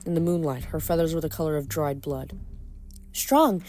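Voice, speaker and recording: A woman reading a novel aloud and adding rambling, expressive commentary between chapters. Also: deep voice, quick pace, faint music behind. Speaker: audiobook reader.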